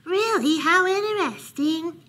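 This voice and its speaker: A woman's voice: very high-pitched, a little slow, fairly bright tone, voice pushed up. A woman voicing a small, polite, cheerful male mouse while reading a picture book aloud, chirpy and apologetic.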